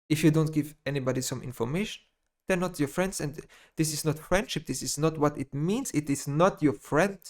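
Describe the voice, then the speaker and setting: A man ranting in a gaming vlog monologue, speaking non-native English with blunt swearing, repeating his phrases and swinging between muttering and loud outbursts. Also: on the high side, brisk. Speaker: gaming YouTuber.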